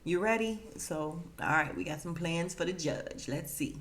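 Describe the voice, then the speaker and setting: Brief: lively female podcast host, slightly low voice, casual chatty recap. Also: normal speed. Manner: animated, chatty, laughs often.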